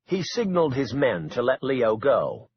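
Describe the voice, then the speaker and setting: A man narrating a suspense audiobook in an expressive, dramatic way. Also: mid-range voice, unhurried, muffled recording, a little hiss or hum.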